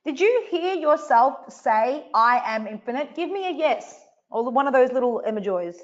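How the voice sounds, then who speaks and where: Emphatic high-voiced woman coaching online. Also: expressive, normal speed, lo-fi sound. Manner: emphatic, repetitive, swears casually. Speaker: online event host. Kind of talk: live online coaching session.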